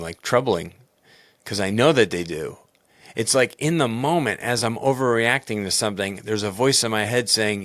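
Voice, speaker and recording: Podcast host, man, low and booming voice, candid self-critical rambling, dry recording. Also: no room sound. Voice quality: loud booming voice. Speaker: baseball coach and podcast host. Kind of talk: personal reflective podcast talk.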